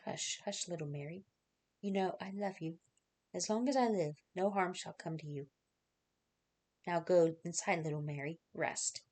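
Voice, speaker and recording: A woman reading aloud as a devoted young male carpenter, gentle and earnest in a dramatic reading. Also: fairly low pitch, moderate pace, long pauses, natural voice. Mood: tender.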